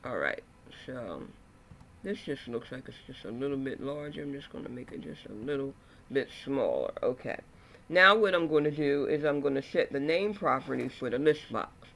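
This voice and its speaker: A man instructing a screen-recorded software tutorial, talking through each click step by step with frequent okays and ums. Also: mid-range voice, sing-song, normal speed, creaky, a little hiss or hum.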